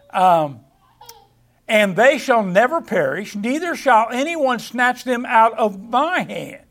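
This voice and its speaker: High-voiced man teaching from scripture. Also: big pitch swings, creaky, fairly bright tone. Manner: halting, repeats words, reads scripture aloud. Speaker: preacher. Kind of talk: Bible study sermon.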